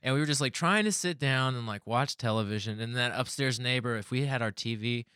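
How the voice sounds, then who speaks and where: A man's voice: medium pitch, a little fast, bright, forceful tone, smooth, dry recording, studio quality. A man telling rambling neighborhood stories in casual podcast chat, swearing often and laughing as he talks.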